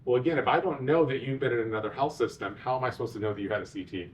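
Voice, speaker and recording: A man, a physician executive, giving a conference talk with animated, sarcastic asides. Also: medium pitch, racing, recorded from a distance, slight background noise.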